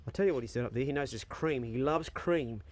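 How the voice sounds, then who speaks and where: A laid-back new farmer walks and talks through his farm garden and outdoors by the dog kennels, filming a casual vlog on a phone held in hand. He speaks quickly at a medium pitch, chats easily, swears casually, and talks to his dogs.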